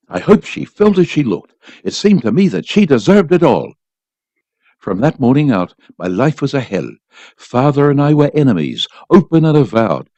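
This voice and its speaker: A man's voice: on the high side, mellow, no room sound, dull audio. A man reading a short story aloud for a volunteer radio program, telling it expressively.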